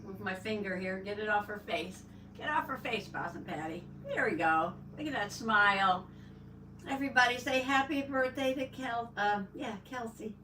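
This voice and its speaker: A woman's voice: medium pitch, normal speed, pushed and bright. Older lady chatting on a craft livestream, greeting folks by name, echoey room, faint hiss behind. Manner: chatty, greets viewers by name, reads out chat. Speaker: livestream host. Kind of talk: casual livestream chat while crafting. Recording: roomy, distant mic, faint background noise.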